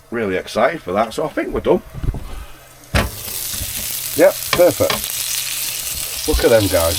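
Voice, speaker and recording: A low-voiced man chatting easily to his viewers from inside a camper van. He films on a handheld camera and keeps calling his audience guys. A faint sizzle of frying food sits behind his voice. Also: noisy background. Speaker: van life vlogger. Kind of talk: casual vlog narration while cooking. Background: food frying in a pan.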